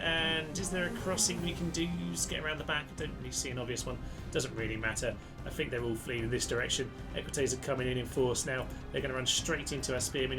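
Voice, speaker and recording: A man giving chatty, excitable commentary on a strategy game, cheering his troops on. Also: medium pitch, fairly quick. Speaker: gaming channel host. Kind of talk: casual gameplay commentary. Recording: gameplay commentary with loud music behind. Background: guitar music.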